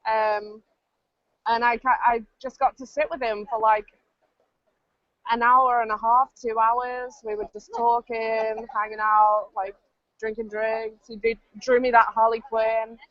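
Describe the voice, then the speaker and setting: A woman's voice: a little high, level tone, measured pace, no echo. Chatty British woman, dull dry line. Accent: British English. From Britain. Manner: chatty, laughing storyteller. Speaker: podcast co-host. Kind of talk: casual chat.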